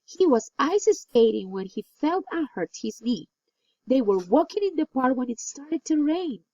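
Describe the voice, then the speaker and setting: Slow, lively woman teacher. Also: high voice, no room sound. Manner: slow, clear drill reading with praise. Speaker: English teacher. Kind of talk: recorded classroom lesson. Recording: dull, lo-fi dry recording.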